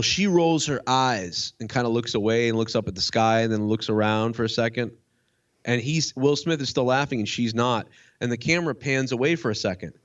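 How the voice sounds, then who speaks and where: A man, a comedian, chatting casually as a guest, rambling and swearing as he tells a story excitedly. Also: medium pitch, highs cut off. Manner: profane, rambling, excitable ranting. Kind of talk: casual chat.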